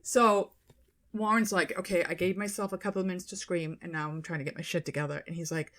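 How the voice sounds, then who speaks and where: Female podcast co-host, casual storyteller, animated, salty language. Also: fairly low pitch, quick pace. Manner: animated retelling, swearing, quoting people in their voices.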